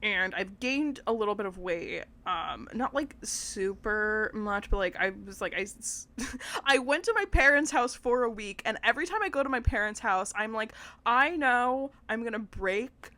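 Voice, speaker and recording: A woman's voice: mid-range voice, expressive, normal speed, bright, forceful tone. A young woman co-hosting a podcast, talking in an easy, rambling, giggly way. She keeps everything casual and conversational and peppers her sentences with little asides. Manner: chatty, loose storytelling with lots of "like" and giggles. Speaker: podcast co-host. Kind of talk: casual chat.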